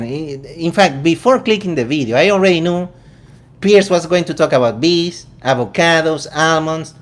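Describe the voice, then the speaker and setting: A man from Venezuela with a Venezuelan accent, hosting a casual vegan commentary show in a joking, incredulous way. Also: a little high. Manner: incredulous, joking, quick asides. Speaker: vegan channel host.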